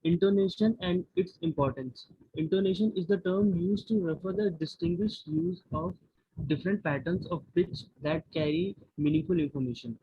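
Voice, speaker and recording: A man's voice: high voice, normal speed, dark tone, a little hiss or hum. A man student reading notes aloud in class, careful and stopping to restart words. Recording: dull lo-fi recording.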